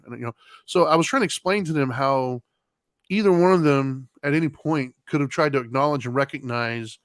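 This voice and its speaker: A man in his thirties co-hosting a podcast, telling a long personal story in a relaxed, rambling way with many fillers. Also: mid-range voice, a little fast, no room sound. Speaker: podcast co-host. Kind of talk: casual chat, storytelling.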